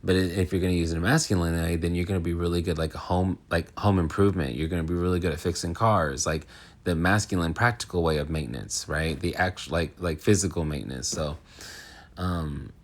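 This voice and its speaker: A man's voice: deep voice, fairly quick. A man who hosts an astrology channel, talking in a rambling, frank, casual monologue full of fillers and restarts.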